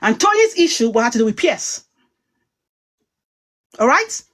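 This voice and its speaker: A woman's voice: on the high side, big pitch swings, unhurried, fairly bright tone. A woman talking heatedly on a livestream, emphatic and rambling as she goes. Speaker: online commentator.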